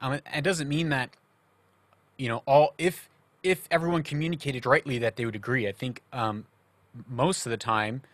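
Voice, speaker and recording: A man's voice: mid-range voice, fairly even intonation, moderate pace, a bit bright, no room sound. A male host asking thoughtful, carefully worded questions and searching for the right words. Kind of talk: interview conversation.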